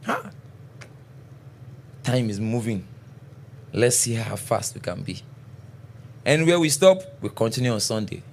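A middle-aged man preaching a sermon as pastor, checking often that the congregation is following and reading scripture slowly. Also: mid-range voice, animated, creaky, darkish tone. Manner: preaching with frequent call-and-response checks; reads scripture slowly and deliberately.

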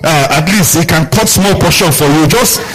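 Poor audio captures a man speaking at normal speed as he preaches a sermon. He questions the congregation, repeats his main lines, and voices the people in his stories, jumping sharply in pitch for each quote.

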